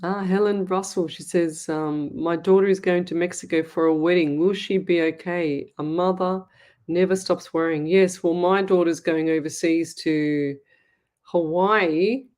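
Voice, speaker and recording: A middle-aged Australian woman hosting a live psychic show, chatting and reading viewer comments aloud in a warm, chatty way. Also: lowish voice. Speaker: psychic medium show host.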